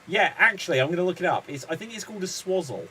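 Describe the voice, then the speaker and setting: A man's voice: high voice, expressive, rapid-fire, bright, forceful tone, slight background noise, low-quality recording. A man hosting an online improv comedy show, chatty and rambling.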